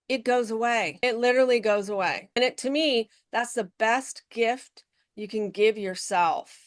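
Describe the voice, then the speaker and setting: A woman guest on a podcast interview, telling stories in an animated way and acting out the people she quotes, speaking from her office. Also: mid-range voice, clean tone, dry recording, studio quality. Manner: animated storytelling, acts out quoted voices.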